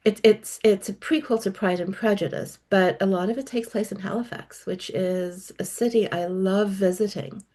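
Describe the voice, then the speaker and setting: A woman's voice: mid-range voice, moderate pace, few pauses, darkish tone. A middle-aged woman guest author talking about her work in a podcast interview, articulate and enthusiastic. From South Africa.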